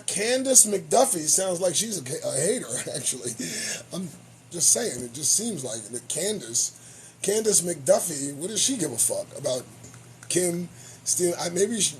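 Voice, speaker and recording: A man's voice: on the high side, a little hiss or hum. A man hosting his own show, giving profane, sarcastic commentary on the news. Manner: animated, swearing, sarcastic. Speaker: show host.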